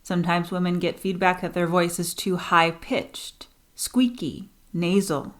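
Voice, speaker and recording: A woman's voice: on the low side, little pitch movement, unhurried. A woman voice coach hosting a teaching podcast, talking straight to her listeners and changing her pace for emphasis. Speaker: voice and speaking coach.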